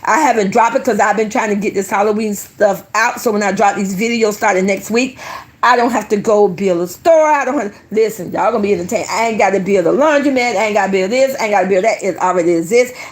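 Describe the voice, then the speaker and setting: A woman's voice: medium pitch, quick pace. A woman giving casual, emphatic commentary straight to her viewers as an online creator. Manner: animated and emphatic, addresses viewers directly.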